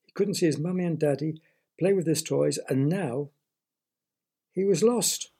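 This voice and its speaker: A man's voice: fairly high pitch, normal speed, vocal fry, mellow, breathy edge. A man reading a children's story aloud, stopping to explain words to young listeners.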